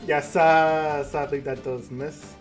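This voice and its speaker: A man narrating a tabletop game as game master, halting and full of fillers and self-corrections. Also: fairly high pitch, steady tone, faint music behind.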